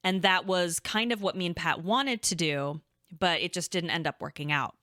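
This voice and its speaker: A woman's voice: on the low side, normal speed, sharp tone, no echo, clean studio sound. A young woman co-hosting a podcast, telling a story casually and rambling, full of "like" and restarts. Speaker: podcast co-host.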